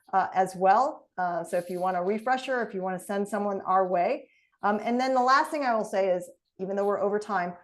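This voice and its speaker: A woman trainer speaks in a mid-range voice over a video call, coaching in a lively, conversational way. She leads the session with an easy, direct delivery, and her pitch sits neither high nor low.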